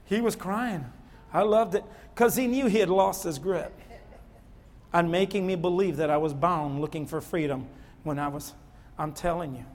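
Male pastor, high voice, fervent sermon full of repetition, long church reverb. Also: moderate pace. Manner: impassioned preaching, repeats phrases for emphasis. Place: church sanctuary.

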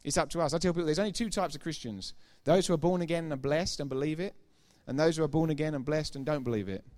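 A man's voice: a little high, fast talker, darkish tone. A middle-aged man preaching a sermon, emphatic and informal, repeating key phrases for effect and throwing chatty asides to the congregation. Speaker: pastor.

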